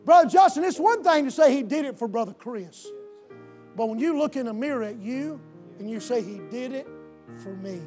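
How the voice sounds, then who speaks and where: A male pastor with a very high voice preaching in a church sanctuary. He shouts his lines in a drawn-out, emphatic cadence, then drops to a hushed, personal appeal. Faint piano music plays behind him. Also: animated. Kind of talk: sermon. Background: soft piano.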